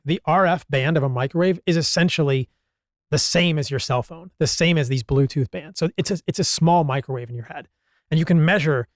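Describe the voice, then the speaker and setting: A man's voice: a little high, no room sound, clean studio sound. A man who is a doctor, explaining things as a guest on a podcast. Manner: explanatory, slight restarts. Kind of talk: explanatory conversation.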